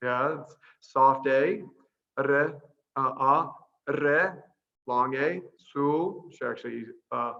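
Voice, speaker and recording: A middle-aged man, a priest, chatting casually over a video call and patiently teaching a short phrase, slowing down to spell out each sound. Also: medium pitch, vocal fry, dull audio. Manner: warm, chatty, laughs easily, slows down to spell out sounds. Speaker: priest and missionary guest.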